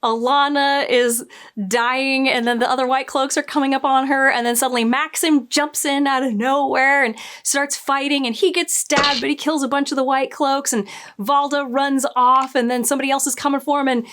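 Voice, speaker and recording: A woman's voice: high-pitched, steady tone, normal speed, fairly bright tone. A woman casually reviewing a TV episode against the books, exasperated and sarcastic, often mocking the characters in quoted voices. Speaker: book and TV show reviewer.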